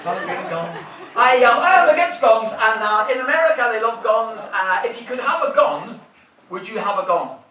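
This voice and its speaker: A man's voice: high-pitched, lively intonation, normal speed, pushed and bright. A man in his fifties with an Irish accent doing a stand-up set, swearing freely and teasing the audience. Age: 50s. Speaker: stand-up comedian. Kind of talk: stand-up set with crowd work. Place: comedy club stage. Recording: roomy club sound from a distant mic. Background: audience laughter.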